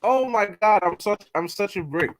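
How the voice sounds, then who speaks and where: A man's voice: sits high, expressive, moderate pace, slight background noise. A man on a stream talking through a headphone mic that sounds robotic and distorted, flustered as he keeps asking how he sounds. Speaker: stream guest.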